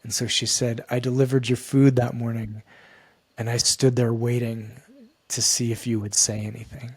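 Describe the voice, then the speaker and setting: A man, a guest on a podcast, telling a personal story in an earnest, halting way that repeats and restarts phrases. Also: medium pitch, flat delivery, breathy edge, no room sound. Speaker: guest, men's coach.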